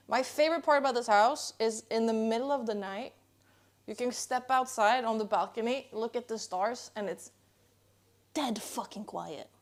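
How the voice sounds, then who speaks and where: Young female streamer, bit higher voice, chatty and teasing, talking to chat from home. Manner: playful, chatty, reads and answers chat. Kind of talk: casual live-stream chat. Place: indoors at home, kitchen.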